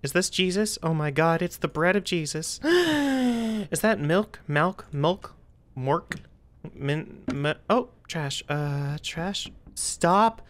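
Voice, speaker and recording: A woman streamer talking through a horror game, chatty and jumpy, with nervous outbursts and a slightly rough throat. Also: deep voice, takes it slowly. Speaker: gaming streamer.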